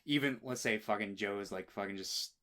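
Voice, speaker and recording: A man's voice: lowish voice, brisk, sharp tone, a little hiss or hum. A man co-hosting a film podcast, chatting casually and swearing, retelling scenes in quoted voices. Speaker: podcast co-host.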